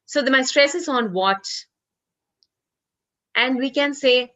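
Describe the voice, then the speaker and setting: A woman's voice: high-pitched, slow, pauses often, a bit bright, highs cut off. A woman corporate trainer giving an online training session, earnest, repeating herself with many "you know" fillers. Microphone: video call.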